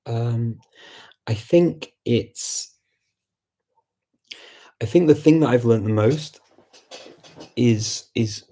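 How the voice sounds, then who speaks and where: A man with a Scouse accent hosting a live chat, answering viewer questions in a relaxed way, thinking aloud with many pauses and restarts. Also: mid-range voice. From Liverpool, England. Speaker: host of a live language chat.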